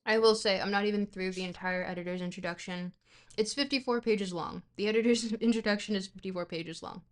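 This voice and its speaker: A woman's voice: medium pitch, steady tone, brisk. A woman streamer reading a book aloud on a livestream, rambling and playful between passages, with plenty of fillers and self-corrections.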